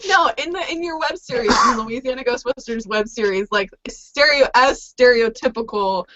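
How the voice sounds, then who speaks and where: A woman's voice: on the high side, normal speed, bright, forceful tone, slight background noise. Giggly woman on a video call. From Texas, USA. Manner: giggly, chatty. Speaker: host. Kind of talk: casual group video chat. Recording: dull lo-fi video call audio.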